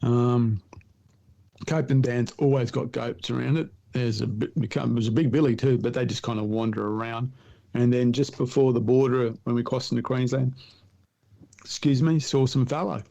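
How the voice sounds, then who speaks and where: A middle-aged Australian man tells hunting stories with a laid-back, animated energy. His voice is gravelly and dark, with a mellow warmth. He chuckles through his own anecdotes. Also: mid-range voice, normal speed, dull audio. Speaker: podcast guest, hunter and writer. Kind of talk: casual storytelling chat.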